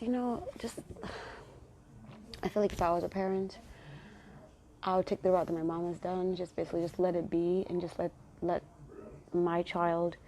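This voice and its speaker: Her voice is on the low side, creaky and warm, as she hosts her own podcast alone. She talks casually and affectionately to listeners, giving them pep-talk encouragement.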